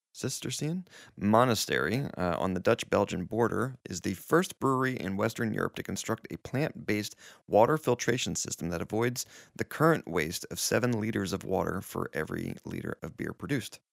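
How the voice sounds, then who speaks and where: A man's voice: lowish voice, expressive, moderate pace, gravelly, no echo, clean studio sound. A man hosting a casual beer podcast, joking with friends and reading out news items. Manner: jokey, reads news items aloud. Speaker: podcast host.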